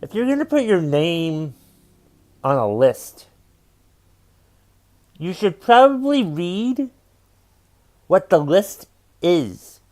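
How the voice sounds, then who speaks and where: A man's voice: high voice, big pitch swings, slow, long pauses, a little mellow. A man who hosts his own podcast as a stand-up comedian, ranting in an exasperated, profane way and repeating his refrains. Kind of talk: comedic rant.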